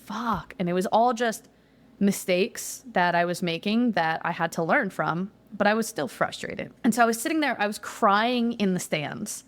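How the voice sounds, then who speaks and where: A young woman, a jiu-jitsu competitor appearing as a guest, tells a casual interview story about her competitions. She's chatty, says "like" constantly, and swears when excited, speaking at a medium pitch and normal speed.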